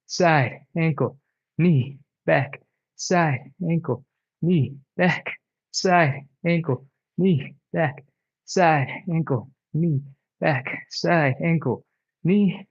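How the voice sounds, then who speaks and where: A man's voice: mid-range voice, fairly bright tone, muffled recording. A man leading a live home stretching class, chatty and rambling, counting reps aloud and short of breath. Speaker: stretching instructor. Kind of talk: live-streamed workout instruction.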